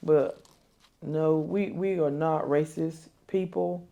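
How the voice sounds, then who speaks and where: An older woman, telling a painful family story in an interview, halting and repeating herself. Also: sits low, fairly even intonation, gravelly, mellow, dull audio. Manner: halting, repeats herself, quotes others aloud. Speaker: interview guest. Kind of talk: emotional interview.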